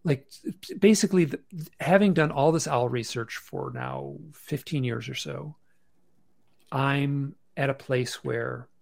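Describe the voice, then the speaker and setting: A man speaks over a video call from his bedroom, his voice gravelly with a bit of fry. He tells his story casually and haltingly, restarting phrases and filling gaps with "um". The sound is dry and close, with no room around it. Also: mid-range voice, darkish tone, dry recording. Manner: halting, many restarts and fillers. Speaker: podcast guest. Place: bedroom at home.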